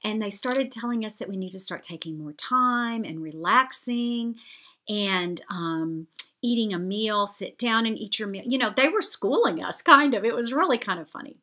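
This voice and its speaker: Lady vlogging, telling a story all chatty and heartfelt, bright clear voice. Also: medium pitch, animated, moderate pace. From United States. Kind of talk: storytelling to camera.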